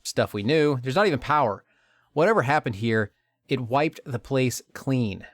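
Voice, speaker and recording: Male podcast host: dramatic game-story narrator, jokey asides, mid-pitched, dry close sound. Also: lively intonation, moderate pace, no echo. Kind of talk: comedic retelling of a video game story.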